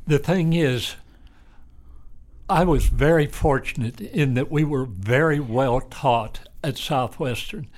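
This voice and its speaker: Slow, blunt older man. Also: mid-range voice, darkish tone. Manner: slow, blunt and matter-of-fact. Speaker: retired physician guest. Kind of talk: casual interview.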